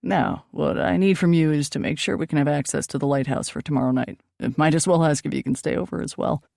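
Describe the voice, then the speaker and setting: Woman voicing a jokey ghost hunter guy, teasing and breezy, bit of gravel, dry sound. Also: low voice, quick pace, a little mellow, no echo. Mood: brisk. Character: joking eccentric young male ghost hunter. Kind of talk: audiobook dialogue.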